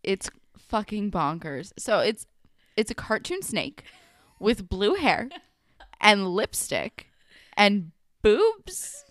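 A woman's voice: medium pitch, sing-song, slow, fairly bright tone, no echo. A young woman co-hosting a podcast, chatting casually about a TV episode, swearing freely with plenty of likes and ums. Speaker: podcast co-host. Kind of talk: casual chat recapping a TV episode.

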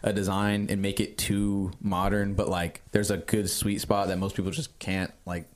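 A young man from Texas hosting a casual podcast chat, telling animated stories with plenty of swearing and acted-out quotes. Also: fairly low pitch, normal speed. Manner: animated storytelling, heavy swearing, acts out quotes. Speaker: podcast host.

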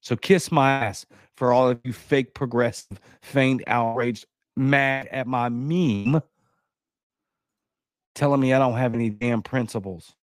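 The male host of a political commentary show delivers a heated, sarcastic rant full of blunt insults, his pitch jumping high when he's outraged. He speaks unhurriedly, and the recording is dry and close.

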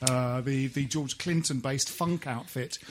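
A man hosting a casual football podcast, with dry, wordy, deadpan wit. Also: mid-range voice, measured pace, a little hiss or hum. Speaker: podcast host.

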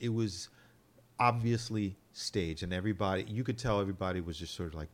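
A man co-hosting a casual podcast chat, explaining things in a measured, wry way. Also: low voice. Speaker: podcast co-host.

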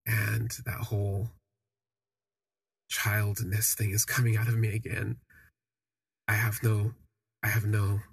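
A young man telling a personal story on a podcast, reflective and halting with frequent restarts. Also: on the low side, vocal fry, husky, no room sound.

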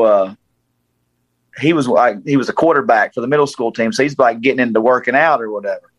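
A man's voice: mid-range voice, dry recording, poor audio. A man in his forties from Tennessee with a Southern accent, telling a story in casual chat and acting out the voices he quotes. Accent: Southern American. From Tennessee, USA.

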